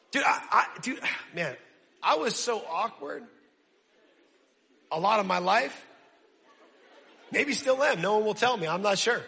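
A man preaching a sermon, talking in an energetic, casual way with self-deprecating humor. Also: high voice, gravelly, big-room sound. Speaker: pastor.

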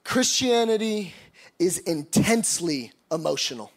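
A man's voice: high voice, lively intonation, measured pace. A man preaching a sermon, reading scripture aloud and then expounding on it with emphatic, rising passages. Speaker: pastor.

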